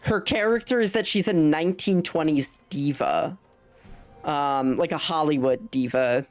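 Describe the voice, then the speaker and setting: Young woman game streamer, low voice, slow and rambling, cusses a lot, faint music under her. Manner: rambling, swears freely, laughs mid-sentence. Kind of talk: casual live-stream chat while gaming.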